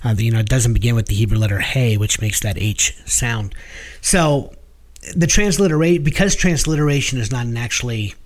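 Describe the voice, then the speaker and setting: A man's voice: mid-range voice, a little fast. A man co-hosting a podcast, explaining things in casual chat with many fillers and restarts. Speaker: podcast co-host.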